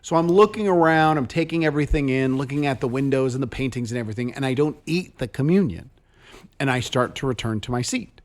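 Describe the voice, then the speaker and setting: A man's voice: medium pitch, quick pace. A man co-hosting a show in casual chat, telling stories expressively and acting out quotes. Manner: expressive storyteller, acts out quotes. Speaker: co-host.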